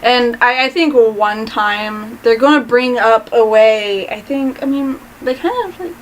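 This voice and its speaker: A woman's voice: on the high side, unhurried, slight background noise, low-quality recording. A woman co-hosting a casual chat, opinionated and chatty, often trailing into hedges. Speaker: co-host.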